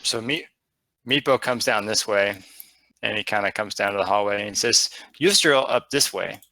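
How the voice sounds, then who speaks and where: A man's voice: lowish voice, steady tone, moderate pace, pushed and bright, no room sound, poor audio. A man narrating as game master of a tabletop game, rambling with fillers and restarts.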